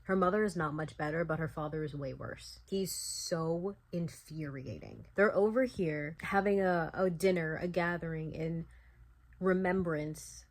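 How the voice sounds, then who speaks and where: A young woman vlogging her reactions to a book, animated and ranting, full of "like" fillers and the odd swear. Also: deep voice, unhurried. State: sleepy late at night. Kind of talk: casual reading vlog reactions.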